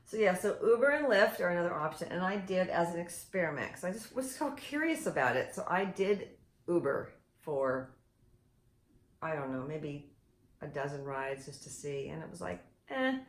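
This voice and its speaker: A woman's voice: lowish voice, sing-song, normal speed. An older woman co-hosting a casual chat show, talking in a chatty, self-deprecating way. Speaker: co-host. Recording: echoey room, faint noise.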